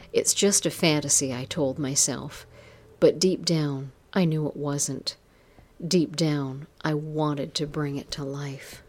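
A woman narrates a first-person story in a soft, intimate voice. She reads at an unhurried, slow pace and keeps her voice pitched low.

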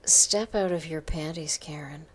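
A woman reading the lines of an arrogant, domineering male boss in a slow, taunting, commanding way, in her own low voice. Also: slight background noise.

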